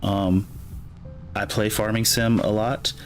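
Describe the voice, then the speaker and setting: Soft music plays in the background as this Michigan man, speaking with a Midwestern American accent, streams a farming game. His lowish voice barely shifts in pitch and goes slowly, his casual gameplay commentary meandering along with lots of fillers.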